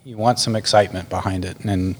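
A laid-back man speaks as a podcast guest about his brewery. His voice sits low, and he often restarts his sentences. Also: steady tone, fast, slight background noise. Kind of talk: casual interview chat.

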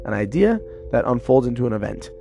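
A man's voice: mid-range voice, big pitch swings, quick pace, vocal fry, mellow, soft background music. A man in his twenties, congested from a cold, rambling loosely through a casual solo podcast. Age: 20s. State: stuffed up with a cold. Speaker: podcast host.

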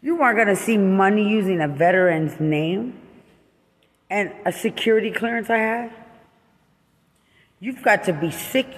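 Husky furious woman ranting with echo. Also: medium pitch, expressive, a little slow. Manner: furious, swearing, repetitive accusations, shouting at times. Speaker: military veteran. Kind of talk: angry profane rant. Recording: long echoing reverb.

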